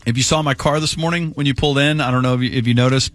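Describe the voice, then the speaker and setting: A man's voice: mid-range voice, steady tone, rapid-fire, fairly bright tone, no echo, soft background music. A middle-aged man from Texas hosting a morning radio show, joking around and plugging upcoming segments. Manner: jokey, self-mocking, hypes segments. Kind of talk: casual radio banter. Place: radio studio.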